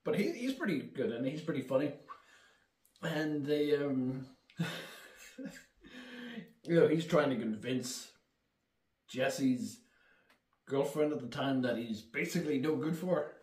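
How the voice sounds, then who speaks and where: A man's voice: medium pitch, lively intonation, a little slow, pauses often, a little mellow, far from the mic. A man casually recapping a film plot, swearing often, laughing and rambling as he goes. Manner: profane, laughing, rambling storyteller. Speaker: film reviewer. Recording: echoey room, mic set back.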